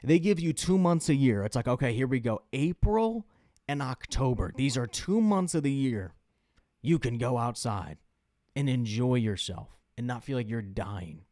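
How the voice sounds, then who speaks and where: A man's voice: mid-range voice, lively intonation, normal speed, darkish tone, dry recording. Young male podcast host from the Midwest, casual solo rant, chatty and profane, close dry recording, mid-range voice. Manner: rambling, profane, lots of fillers.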